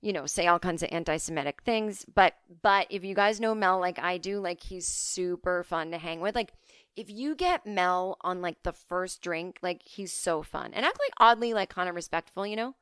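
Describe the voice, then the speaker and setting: Lady podcast host rambling thru a silly deadpan story, smooth clear voice, dry close mic. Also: on the low side, moderate pace, no room sound. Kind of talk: comic storytelling monologue.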